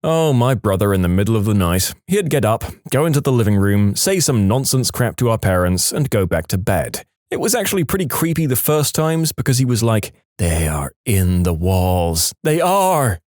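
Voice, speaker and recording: A man narrating submitted stories for a storytelling channel, with expressive, playful delivery. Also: medium pitch, a little fast, few pauses, no echo, clean studio sound. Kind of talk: reading submitted stories aloud.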